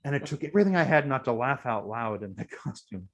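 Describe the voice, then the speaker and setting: A man's voice: medium pitch, expressive, fast talker, lo-fi sound. A man guest in a casual interview, telling heartfelt stories with many fillers and restarts. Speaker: guest, costume performer.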